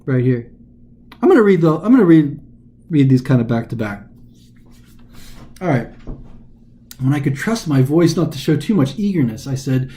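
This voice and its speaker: Male tutor, casual chatty explainer who acts out the reading, warm tone. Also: a little high, big pitch swings, normal speed, pauses often. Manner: informal, chatty, dramatizes the text. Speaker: test prep tutor. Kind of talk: casual recorded lesson.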